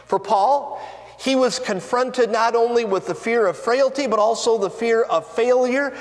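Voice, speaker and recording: A man pastor preaching a sermon in a church sanctuary, earnest and deliberate, with rising and falling emphasis. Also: very high-pitched. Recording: long reverb of a church hall.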